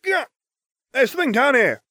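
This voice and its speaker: A man's voice: high voice, huge pitch swings, brisk, darkish tone, no room sound, studio quality, voice pushed up. Ron, a man voicing a whiny teenage boy. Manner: complaining, plaintive.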